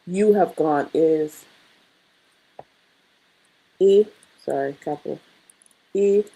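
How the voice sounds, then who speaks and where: On a low-quality recording, a woman with a low, dark voice speaks very slowly while building a language study sheet on screen. In this casual screen-share lesson she thinks aloud, muttering and correcting herself as she types practice phrases.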